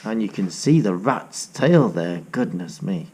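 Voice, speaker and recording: A middle-aged teacher reading a picture book aloud to young children, coaxing them to join in. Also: male voice, low-pitched, lively intonation, a little slow, darkish tone.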